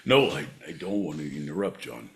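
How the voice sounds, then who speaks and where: A man voicing a rowdy, excitable Scottish character with a Scottish accent in an improvised comedy bit, insistently repeating the listener's name. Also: rumbling low, a little fast, creaky, pitched below the performer's own voice, full character voice. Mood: solemn.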